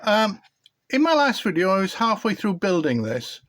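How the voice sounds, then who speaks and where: A man's voice: high voice, sing-song, normal speed, fairly bright tone. A British man hosting his own hobby electronics video, giving a casual show-and-tell that rambles and hesitates with frequent ums and restarts.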